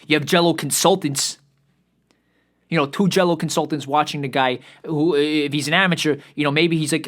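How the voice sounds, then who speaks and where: A man's voice: on the high side, a little fast, fairly bright tone. Heated, foul-mouthed man ranting. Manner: heated, swears constantly, repeats and restarts. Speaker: podcast host. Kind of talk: profane solo rant.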